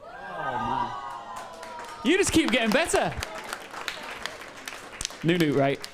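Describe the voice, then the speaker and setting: A man interviewing a winning player live on the event floor in an excitable, upbeat manner. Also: sits high, takes it slowly, crowd noise. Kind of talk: live post-match interview. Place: esports event venue. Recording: noisy crowded event floor.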